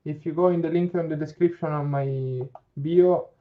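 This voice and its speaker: A man's voice: fairly high pitch, steady tone, moderate pace, phone-quality sound. A man with an Italian accent hosting a casual live chat, reading viewer comments aloud and laughing often. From Italy. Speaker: livestream host.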